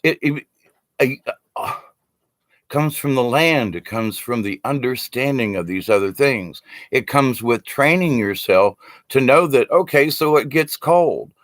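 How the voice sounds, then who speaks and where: A man's voice: medium pitch, expressive, a little slow, dry recording, clean studio sound. An older man telling casual stories about his teachings, rambling and laughing often, with casual swearing. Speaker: speaker on shamanism. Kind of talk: casual storytelling talk.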